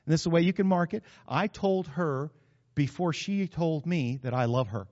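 A middle-aged male pastor preaches with animated energy and sudden loud bursts. His voice sits a bit high for a man. It rings through a long hall reverb on a dull, muffled recording. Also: normal speed. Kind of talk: sermon.

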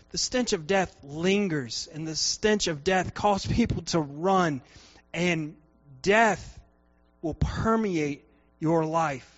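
A male preacher tells a story during his sermon, acting out the people in it with animated energy. His voice sits high and bright, and he takes his time with the words. The recording is dull and lo-fi.

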